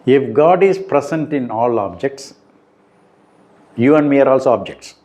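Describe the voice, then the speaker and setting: A middle-aged man, giving a slow, deliberate spiritual talk that turns emphatic on key points. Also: medium pitch, animated, dark tone, lo-fi sound. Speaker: spiritual teacher. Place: room indoors.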